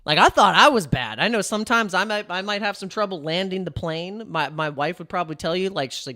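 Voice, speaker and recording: A man's voice: sits high, animated, brisk, bright, forceful tone. A man chatting casually on a crypto live stream, rambling and cutting himself off, laughing often.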